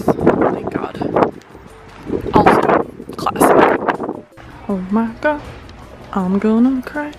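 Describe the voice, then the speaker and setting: A young woman vlogging casually with excitable, bubbly energy, sometimes dropping to a whisper in public, recorded on a handheld camera. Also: on the high side, extremely slow, pauses often. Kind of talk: casual vlog chat. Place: at home, then a craft store. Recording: pop music clearly audible behind.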